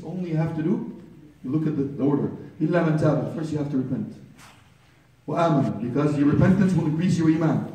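A man's voice: mid-range voice, rapid-fire, dark tone. A man preaching a sermon with passion, speaking directly to his listeners as brothers and building to urgent pleas. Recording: roomy echo from far off.

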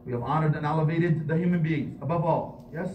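A man delivers a sermon as an imam, his voice pitched high and his phrases climbing to forceful emphasis. He is heard from some distance in a reverberant prayer hall. A faint hiss of noise sits under the recording. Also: muffled recording. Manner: impassioned, rising to emphatic peaks, recites Arabic quickly. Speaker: imam giving a Friday sermon.

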